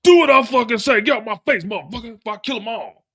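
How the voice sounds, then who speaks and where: A man's voice: a little high, unhurried, a bit bright. A man voicing a drunk, furious male drug boss who snarls and swears. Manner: snarling, profane.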